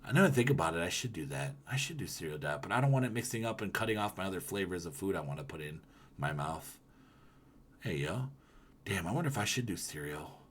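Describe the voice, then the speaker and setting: A man streaming live, chatting casually with his viewers and reading their comments, rambling and swearing, with loud ranting bursts. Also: low-pitched, lively intonation, fast talker, husky. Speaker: livestreamer.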